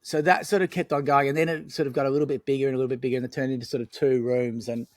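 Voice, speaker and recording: Speaking rapid-fire in a level, mid-range voice, a male film director rambles through anecdotes as a podcast guest, with lots of fillers and restarts. It's a casual storytelling interview, recorded without echo.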